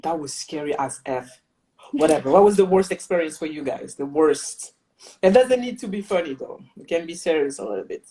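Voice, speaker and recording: A woman dance instructor hosting a casual interview with her students, animated and laughing often. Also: sits low, a little fast.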